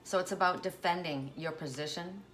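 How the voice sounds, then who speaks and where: A woman's voice: on the low side, a little fast, a bit bright. A woman giving a spiritual oracle card reading, musing aloud with coughs and asides, choked up at times.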